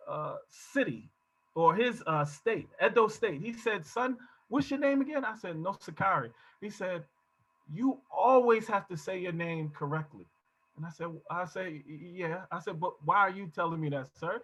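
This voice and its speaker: A man's voice: sits high, pushed and bright. A middle-aged man presenting at an online workshop, telling stories and acting out the people he quotes. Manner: storytelling, acts out quoted voices. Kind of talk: casual talk on online workshop. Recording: dull, lo-fi video call audio.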